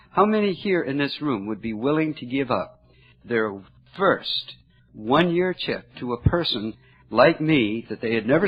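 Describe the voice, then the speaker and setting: Older guy sharing his story at a meeting, husky voice, kinda muffled lo-fi sound. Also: mid-range voice. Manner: earnest, halting, emotional at moments. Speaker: recovery meeting speaker. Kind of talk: personal storytelling talk. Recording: dull lo-fi recording.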